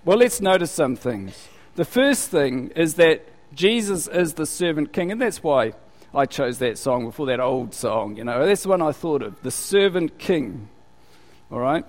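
Aussie pastor guy preaching, chatty, lots of "right?" and "isn't that amazing", slightly high voice, big echoey church hall. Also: lively intonation, unhurried. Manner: conversational, rhetorical questions, repeats words. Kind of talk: sermon. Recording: long hall reverb.

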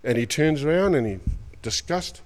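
A man's voice: a little high, expressive, normal speed, a little mellow, long reverb tail. A man with an Australian accent preaching a sermon, retelling stories in colloquial slang and acting out the characters. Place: church.

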